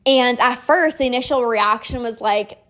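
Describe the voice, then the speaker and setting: Upbeat woman coach, fast and chatty. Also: a little high, fairly bright tone. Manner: enthusiastic, persuasive, frequent "like" fillers. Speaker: podcast host and binge-eating coach. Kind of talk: promotional podcast monologue.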